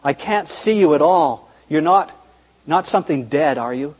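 A man's voice: a little high, lively intonation, normal speed, darkish tone, slightly rough. A man voicing a frightened, anxious young boy who pleads. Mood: pleading. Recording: reverberant church hall.

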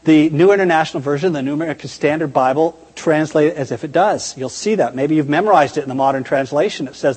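A man's voice: a little high, brisk, a little mellow, husky, long reverb tail. A man preaching a sermon in a conversational, emphatic way, often posing rhetorical questions.

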